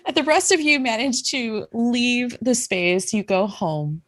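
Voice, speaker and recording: A woman's voice: fairly high pitch, unhurried, a bit bright. Giggly, rambling woman game master. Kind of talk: narrating a tabletop game.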